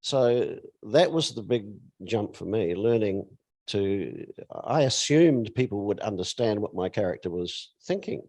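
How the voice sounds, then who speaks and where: A man, an author and screenwriter, speaking on a festival panel in a measured, explanatory way. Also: fairly low pitch, lively intonation, a little mellow, no room sound.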